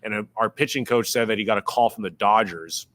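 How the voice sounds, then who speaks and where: A man's voice: on the low side, brisk, a bit bright, dry recording. A young man, a former pro ballplayer, telling stories on a podcast with a lot of restarts and repeated words. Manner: rambling, repeats words and restarts, acts out quotes. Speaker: podcast guest, former pro baseball player. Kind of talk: casual storytelling in a podcast interview.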